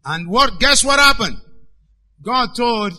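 High, sharp-voiced male preacher. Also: animated, takes it slowly. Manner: emphatic, swings between loud and hushed. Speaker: pastor. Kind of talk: sermon.

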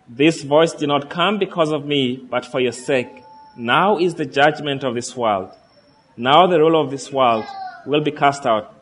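A man preaching a sermon, reading scripture aloud and earnestly asking his listeners questions. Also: fairly high pitch.

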